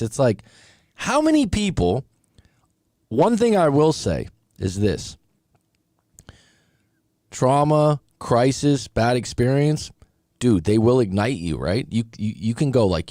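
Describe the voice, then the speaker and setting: A man, a relationship coach, giving casual commentary on clips, animated and chatty with quoted asides. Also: medium pitch, normal speed, pauses often, no room sound, clean studio sound.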